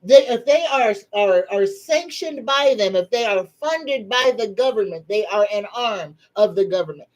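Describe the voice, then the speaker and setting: A woman's voice: medium pitch, lively intonation, moderate pace, hardly any pauses, rough recording. A middle-aged woman, hosting a live psychic chat in a folksy, emphatic, preachy way. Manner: tearful, soft-spoken. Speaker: psychic livestream host. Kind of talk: casual live-stream chat.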